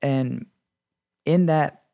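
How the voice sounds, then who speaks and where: A man sharing his faith testimony in casual conversation, telling it with energy, acting out what he said back then and dropping to a hushed whisper for emphasis. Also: fairly high pitch, drawn-out words, vocal fry, dull audio.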